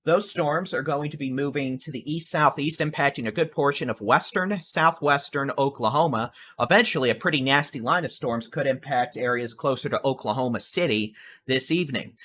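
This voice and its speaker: A man's voice: medium pitch, a little fast, pushed and bright. A man giving live severe weather coverage in a conversational, reassuring way, addressing the viewers directly as folks. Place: home studio with air conditioner.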